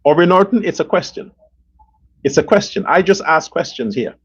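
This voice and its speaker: A man with a high, husky voice rants in a heated, profane and repetitive way. He hosts a political commentary show. The recording sounds dull and lo-fi. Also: animated, moderate pace, fairly bright tone. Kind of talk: angry political rant.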